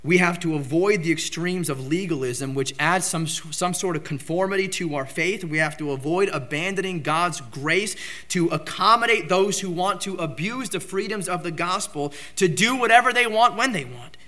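A man preaching a sermon with emphatic delivery, surging into loud outbursts on key points. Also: high-pitched, normal speed. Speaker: pastor.

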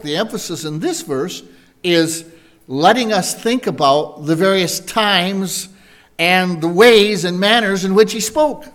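Slow-paced male Bible teacher. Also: on the high side, a bit bright. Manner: slow, deliberate, asks the congregation questions. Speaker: preacher.

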